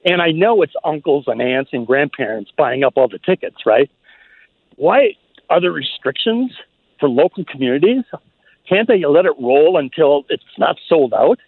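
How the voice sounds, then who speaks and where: A man with a fairly high voice calls in to a radio show from Minnesota over a thin, tinny phone line. He is walking outside as he talks, and he speaks in a chatty, eager way. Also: animated, moderate pace, slightly rough, dry recording. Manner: chatty and enthusiastic. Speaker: radio caller.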